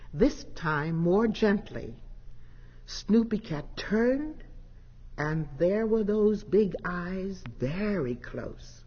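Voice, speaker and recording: Slow, expressive woman reading a children's story. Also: medium pitch, husky. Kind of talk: scripted children's story narration. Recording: dull 1960s LP with long reverb.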